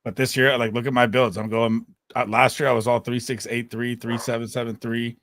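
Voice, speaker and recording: A man's voice: mid-range voice, level tone, a little fast, a bit bright. A man co-hosting a casual livestream who gives laid-back, rambling explanations. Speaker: co-host.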